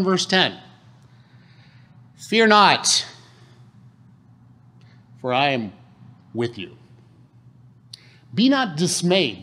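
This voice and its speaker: A man preaching a sermon in a conversational way, often asking the congregation questions. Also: a little high. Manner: animated, conversational, asks the room questions. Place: church hall.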